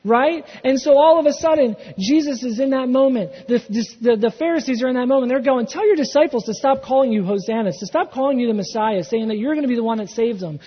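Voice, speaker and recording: A male pastor preaching a sermon, telling the story with animation and acting out the quotes, swinging from loud to hushed. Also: extremely high pitch, quick pace, hardly any pauses, slightly rough. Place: church sanctuary. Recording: dull sound in a reverberant hall.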